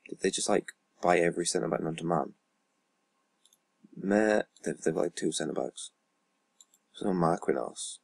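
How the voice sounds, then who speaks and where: A YouTuber playing a football management game gives casual commentary, rambling, muttering asides, and swearing under his breath as he reads out stats. His low voice is gravelly with a breathy edge, unhurried and full of pauses, in a dry recording.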